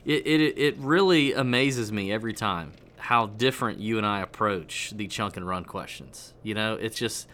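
A man's voice: on the low side, moderate pace, few pauses, fairly bright tone. A man co-hosting a casual golf chat, joking and rambling through his answers. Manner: joking, rambling, self-deprecating. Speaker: podcast co-host. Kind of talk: casual banter.

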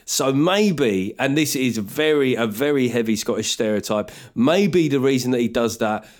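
A man talks through listener letters on his podcast in a loose, joking monologue. His voice sits at an ordinary middle pitch, and he keeps slipping into playful mock voices for the gags. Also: animated, moderate pace. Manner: chatty, jokey, bursts into mock voices. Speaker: podcast host and comedian. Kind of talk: casual comic monologue.

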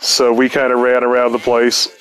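A man's voice: mid-range voice, monotone, normal speed, smooth, soft background music. Easygoing male podcast storyteller, mid-range voice, chuckly and profane. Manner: laid-back, profane, chuckling. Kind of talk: casual storytelling.

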